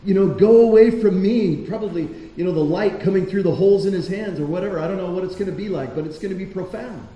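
Speaking quickly and with hardly any pauses, this pastor has a high, warm voice, though the audio sounds dull. He preaches conversationally in a church hall, tossing rhetorical questions at his listeners, and the room adds a roomy echo plus faint noise.

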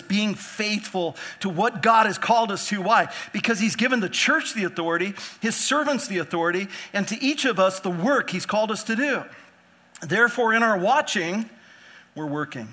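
A man preaching a sermon with impassioned swings between quiet and loud emphasis, acting out biblical figures in casual modern speech. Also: high voice. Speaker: pastor.

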